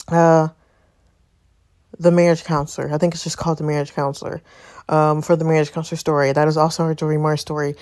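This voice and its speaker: A woman's voice: sits low, little pitch movement, fast talker, a little mellow. A woman chatting casually with viewers between story lines, out of breath. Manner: chatty, addresses viewers as y'all. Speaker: story game reader. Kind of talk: casual chat while reading.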